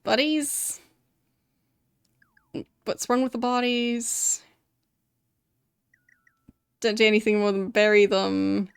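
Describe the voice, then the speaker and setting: A woman's voice: medium pitch, flat delivery, takes it slowly, pauses often, no echo, studio quality. A woman voicing a scruffy but dapper male graveyard keeper in a thick put-on accent, evasive and defensive about his work. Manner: puts on a thick gruff accent.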